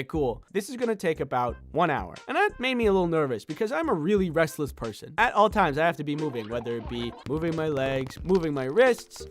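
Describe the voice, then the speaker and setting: A young man telling a comedic personal story in an animated, sarcastic way, jumping into exaggerated voices for the people he quotes. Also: fairly high pitch.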